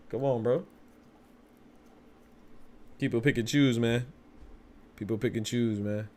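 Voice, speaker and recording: A man's voice: medium pitch, fairly even intonation, slow, long pauses, dark tone. Slang-heavy man hosting a podcast. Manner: conversational, streetwise slang, repeats phrases. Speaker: boxing podcast host. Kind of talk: casual solo podcast talk.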